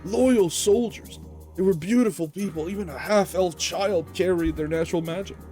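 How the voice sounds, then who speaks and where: A man's voice: high voice, moderate pace, a little mellow, faint music behind, pitched above the performer's own voice, natural voice. A man voicing a bitter, scheming old male lich villain in a game, with a theatrical, sneering manner. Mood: gloating.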